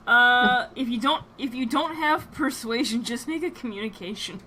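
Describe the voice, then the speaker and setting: A woman narrating a tabletop game as game master, pausing often with ums and restarts. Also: fairly high pitch, very noisy. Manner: hesitant, with many ums and restarts.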